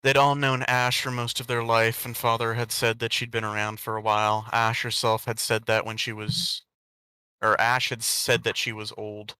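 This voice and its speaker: A man's voice: mid-range voice, flat delivery, moderate pace, sharp tone, smooth, no echo. A man hosting a podcast, reading a fan story aloud with sardonic, swearing commentary. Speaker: podcast host and reader.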